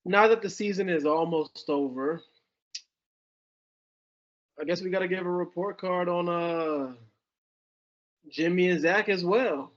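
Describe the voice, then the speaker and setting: A man co-hosting a casual sports podcast, laid-back and quick to laugh. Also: high voice. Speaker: podcast co-host. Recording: dull lo-fi podcast audio.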